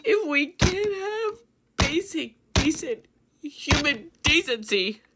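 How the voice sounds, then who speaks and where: Slow exasperated high-voiced woman. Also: big pitch swings, heavy background noise. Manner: exasperated, swearing, laughing bitterly.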